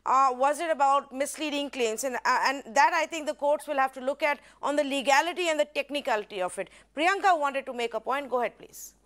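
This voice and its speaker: A woman's voice: sits high, brisk, few pauses, fairly bright tone. A woman anchoring a TV news debate, firmly directing the panelists. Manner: firm, directs who speaks.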